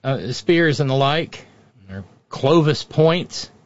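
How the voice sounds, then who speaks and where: A man's voice: on the high side, animated, slow pace, no room sound. A man giving off-the-cuff political commentary, sardonic and profane, rambling with frequent restarts. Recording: dull, dry lo-fi audio.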